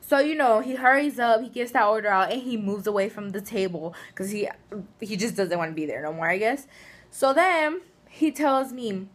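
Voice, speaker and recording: A woman's voice: medium pitch, normal speed. A woman casually telling funny personal stories to camera, chatty and giggly. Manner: chatty, giggly, animated storyteller. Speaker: vlogger. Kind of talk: casual storytelling.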